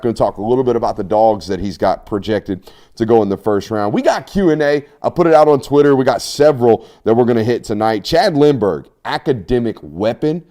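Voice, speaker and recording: A man's voice: on the low side, moderate pace. Joking man hosting sports talk. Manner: joking, animated, teasing. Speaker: sports show host. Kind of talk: casual sports chat.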